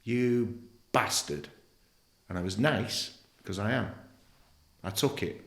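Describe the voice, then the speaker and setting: A lowish, creaky voice, a little slow, comes from a middle-aged English ex-footballer guesting on a podcast. He recounts his own experiences emotionally and without softening anything, swearing freely. The room sounds roomy.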